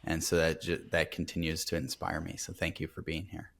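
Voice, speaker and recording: A man hosting a podcast, asking questions in an earnest, halting way with many restarts. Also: rumbling low, monotone, vocal fry, a bit bright. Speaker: podcast host. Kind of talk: podcast interview.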